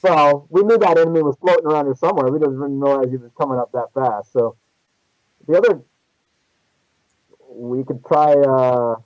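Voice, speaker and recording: A man's voice: medium pitch, normal speed, long pauses, darkish tone, no room sound, muffled recording. A man playing a tabletop role-playing game, casually thinking aloud about his group's plans. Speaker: player.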